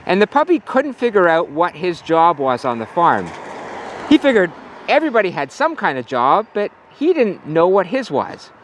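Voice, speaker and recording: A man's voice: high-pitched, wildly swooping pitch, normal speed, slight background noise. A male pastor giving a casual sermon outdoors at a farm, telling a story with some fillers.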